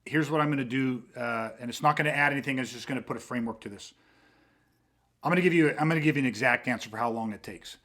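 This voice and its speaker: A man hosting a podcast, talking with intensity, swearing freely and acting out quick street confrontations to make his point. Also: mid-range voice, a bit bright. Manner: emphatic, swearing, acts out street exchanges. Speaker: host.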